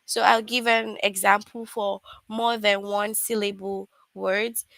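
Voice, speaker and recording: A woman teaching an online English class, patient and repeating examples slowly. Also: mid-range voice, little pitch movement, vocal fry, fairly bright tone, no echo.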